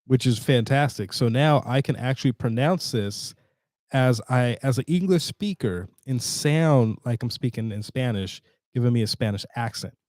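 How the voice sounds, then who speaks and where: A man hosting a casual screen-share tutorial, chatty and halting with fillers and restarts, sounding tired. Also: medium pitch, darkish tone, dry recording, clean studio sound. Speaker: tutorial host.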